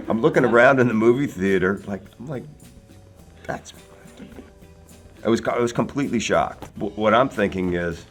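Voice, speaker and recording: Man, 60s, from Philadelphia, low voice, rambling anecdotes, faint background music. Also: a little fast. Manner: rambling storyteller, many fillers and laughs. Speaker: actor guest. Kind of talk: casual anecdotes.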